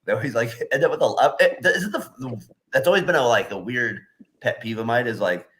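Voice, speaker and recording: A man's voice: medium pitch, brisk, fairly bright tone, a little hiss or hum. A man co-hosting a sports podcast in casual chat, rambling with lots of fillers and laughing often. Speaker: podcast co-host.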